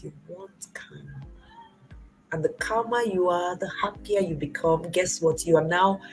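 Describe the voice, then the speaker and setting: A woman in her forties hosting a motivational talk, engaging her audience with questions she answers herself, swinging between loud emphatic bursts and soft near-whispers. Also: lowish voice, rough recording. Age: 40s. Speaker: host.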